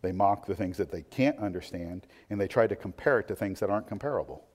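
A man preaching a sermon who moves between quiet musing and loud, emphatic delivery, full of rhetorical questions. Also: low-pitched, fast talker. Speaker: pastor. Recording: long hall reverb.

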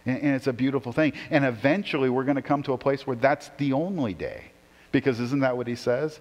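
A man preaching a sermon as pastor, animated, often asking "right?" to the congregation. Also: mid-range voice, a little fast. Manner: animated preaching, rising emphasis and repeated rhetorical "right?". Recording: long hall reverb.

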